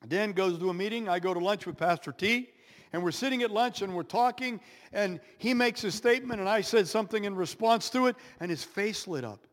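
A man telling a personal story as a sermon, animated, with dramatic pauses and playful sound effects. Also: high-pitched. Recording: echoey hall with long reverb.

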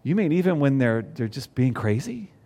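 A man's voice: mid-range voice, big pitch swings, moderate pace, dark tone. A man preaching a sermon to a congregation, conversational, with rhetorical questions. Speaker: pastor. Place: church before a congregation.

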